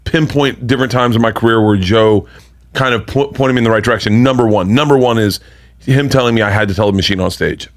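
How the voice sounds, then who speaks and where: A comedian, a man, telling a story in casual chat, animated and profane, acting out what others said. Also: medium pitch, fast talker. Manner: animated, profane, acts out quotes. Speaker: podcast guest, comedian.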